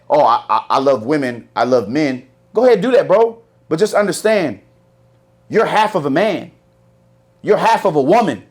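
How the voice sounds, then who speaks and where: A man in his thirties hosting a podcast in casual chat, lecturing emphatically in long rants full of profanity. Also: high-pitched. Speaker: podcast host.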